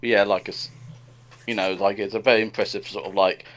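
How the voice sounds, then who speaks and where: A man in a casual podcast chat, laid-back and halting, with many fillers. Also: on the low side, fairly even intonation. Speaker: podcast co-host.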